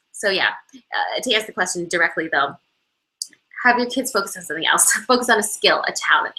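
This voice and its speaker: A woman's voice: medium pitch, pushed and bright, rough recording. Bubbly, gushing woman on a video call. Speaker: fitness instructor answering fan questions. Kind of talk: live online Q&A.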